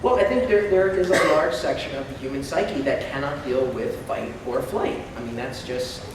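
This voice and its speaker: A man's voice: medium pitch, moderate pace. A man in his thirties answering audience questions at a convention panel, joking and acting out quotes. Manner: animated, jokey, acts out quotes. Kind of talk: live panel Q&A, comic storytelling. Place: large convention hall. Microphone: PA mic heard from the front row. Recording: echoey hall from far off, noisy.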